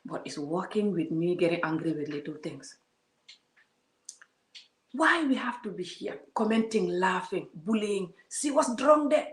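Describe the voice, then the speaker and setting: A woman's voice: lowish voice, a little slow, long pauses. A woman giving an emphatic, preachy vlog monologue, full of repeated words and rhetorical questions. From Gambia. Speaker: vlogger. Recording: roomy echo.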